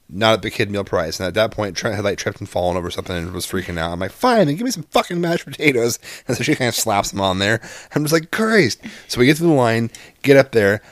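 A man's voice: lowish voice, no echo, clean studio sound. A man in his thirties telling a story in casual chat, exasperated and profane, rambling with lots of fillers.

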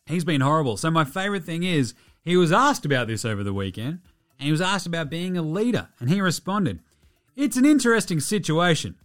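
A man's voice: on the high side, big pitch swings, fast, a bit bright, faint music behind. A man hosting a casual sports podcast, joking and swearing as he recaps games. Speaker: podcast host.

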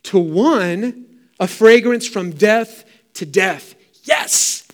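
Fervent high-voiced male preacher. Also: very slow. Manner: fervent preaching with emphatic rhetorical repetition. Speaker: pastor. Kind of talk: sermon.

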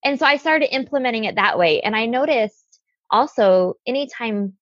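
A woman's voice: on the high side, expressive, normal speed, no room sound, highs cut off. A woman guest telling a personal story in an interview, earnest, with lots of "like" fillers.

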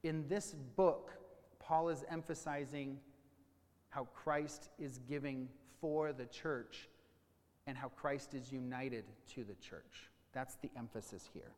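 A man's voice: medium pitch, darkish tone. Man preaching in a reverberant hall. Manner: teaching, with questions and slowed emphasis. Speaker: pastor. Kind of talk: sermon.

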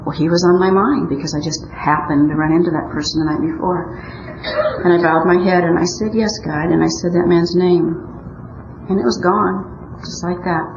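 With a fairly low, fairly even voice at normal speed, she tells her recovery story at a meeting, a wry, heartfelt storyteller from Omaha, Nebraska, in her older years. Background noise sits under the muffled, roomy audio.

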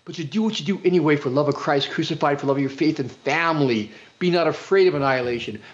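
Guy guest preaching hard, keeps repeating lines, kinda high voice, dull lo-fi sound. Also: quick pace. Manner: fervent, preacherly, repeating phrases. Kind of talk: impassioned religious talk. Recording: dull lo-fi audio.

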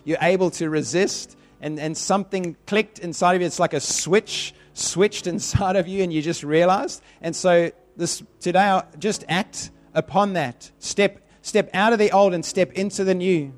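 A man's voice: sits high, normal speed, hardly any pauses, faint music behind. A man preaching a sermon and praying, fervent and given to repeating phrases for emphasis. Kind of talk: sermon with prayer.

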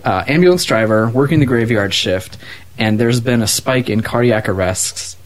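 A man's voice: mid-range voice, moderate pace. A man co-hosting a podcast, chatting casually about a movie with enthusiasm and lots of fillers. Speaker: podcast co-host. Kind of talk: casual movie review chat.

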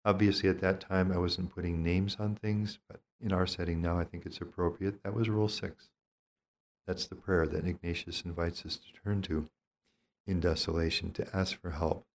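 An older man, a priest, teaching in a reflective and gentle way, measured and thoughtful with frequent pauses. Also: deep voice, level tone, slight background noise.

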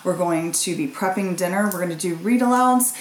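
Woman guest, low-pitched, lively talker; echoey room with faint noise. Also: brisk. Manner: lively, laughs easily, talks in long runs. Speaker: guest parent. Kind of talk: casual conversation.

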